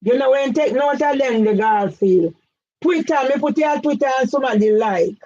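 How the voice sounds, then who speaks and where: A woman's voice: high-pitched, animated, moderate pace, mellow, highs cut off. A woman, giving an emphatic direct-address complaint, firing pointed questions at one man by name. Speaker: campaigner vlogger.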